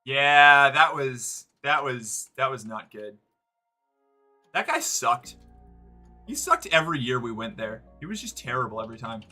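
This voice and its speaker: Guy streaming and yapping, keeps restarting, swears a lot, bright sharp voice, faint music behind. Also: medium pitch, animated, unhurried. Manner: rambling, self-interrupting, swears. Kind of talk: casual live-stream chat.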